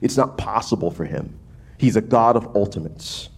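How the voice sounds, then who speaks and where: Guy from new orleans preaching, real lively up-and-down voice, chatty, lots of "right?". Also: on the low side, normal speed, husky. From New Orleans, USA. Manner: animated, casual preaching with frequent restarts and "right?" asides. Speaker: pastor. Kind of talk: sermon.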